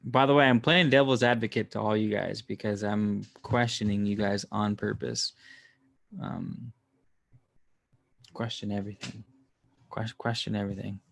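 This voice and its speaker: A man's voice: lowish voice, fairly even intonation, normal speed, creaky, long pauses, fairly bright tone. A man hosting a casual livestream, answering his chat in a rambling way, laughing often and swearing freely. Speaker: livestream host reading chat. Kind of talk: casual live chat with viewers.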